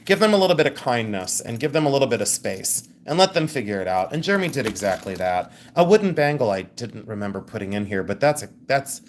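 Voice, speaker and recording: A woman's voice: very deep voice, very animated, fast talker, hardly any pauses, slight background noise. Chatty woman selling jewelry live. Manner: rambling, chatty, thinks aloud. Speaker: live-stream jewelry seller. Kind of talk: live sales stream chat.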